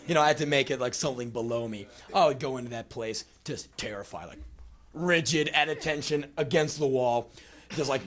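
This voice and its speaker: A man in his twenties doing live spoken word storytelling on a small venue stage, acting out his younger self in quick put-on voices. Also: medium pitch, animated. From United States. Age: 20s.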